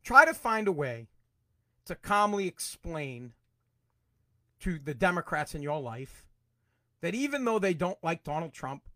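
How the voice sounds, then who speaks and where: A man hosting his own podcast, ranting angrily about politics, swearing and repeating himself, at times breaking into shouts. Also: on the high side, big pitch swings, a little slow, pauses often, no room sound, clean studio sound. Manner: angry, profane, repetitive, shouts in bursts. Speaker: podcast host. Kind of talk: political rant.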